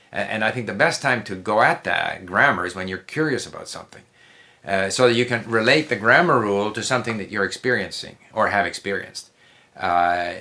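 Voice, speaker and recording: A man with a fairly low, bright voice and a forceful tone is the guest on a language-learning interview. He gives conversational advice emphatically, often repeating himself and restarting sentences.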